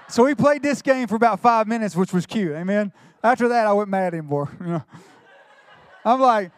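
A middle-aged male pastor, preaching a sermon with quick asides and retold dialogue. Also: high-pitched, clear, resonant tone, no echo.

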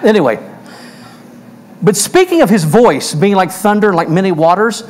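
A man's voice: sits high, very animated, normal speed, darkish tone, slight background noise. A man preaching a verse-by-verse sermon as pastor, emphatic, often asking the congregation questions. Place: church.

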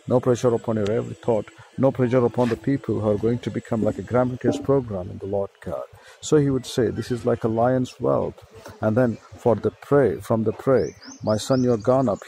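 Gravelly Indian man preaching a sermon. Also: medium pitch, dark tone, slight background noise, low-quality recording. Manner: reads scripture aloud, repeats and explains words.

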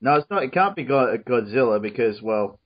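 A man's voice: medium pitch, brisk, breathy edge. A man talks casually over a cartoon episode with friends, laughing easily and circling back on his own sentences. His voice rises and falls freely. The recording is a little dull, like a home mic setup. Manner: animated, laughs often, hedging restarts. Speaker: commentary co-host.

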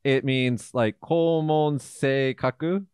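Guy hosting a podcast, mid pitch, dry close mic, animated, lots of likes. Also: slow, smooth, no echo. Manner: animated storyteller, many fillers. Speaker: podcast host. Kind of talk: casual chat. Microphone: studio mic.

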